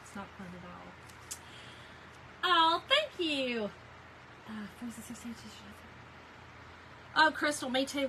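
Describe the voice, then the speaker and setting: A middle-aged woman with a mid-range voice, bright and pushed, talks casually to viewers on a live craft stream in her home craft room. She reads their chat comments aloud and replies directly, on a low-quality recording with slight hiss or hum.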